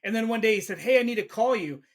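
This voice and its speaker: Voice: mid-range voice, lively intonation, quick pace. A host asking questions and telling a story in a casual interview.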